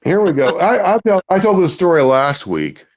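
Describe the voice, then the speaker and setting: A man's voice: a little high, big pitch swings, moderate pace. A man, a musician guest on a podcast, telling rambling stories in casual conversation. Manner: rambling storyteller. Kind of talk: casual interview chat.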